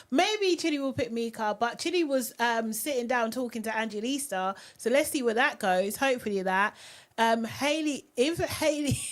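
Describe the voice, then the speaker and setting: A young woman hosting a casual live recap, chatty and giggly, reading viewer comments aloud. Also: on the high side. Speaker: live-stream host.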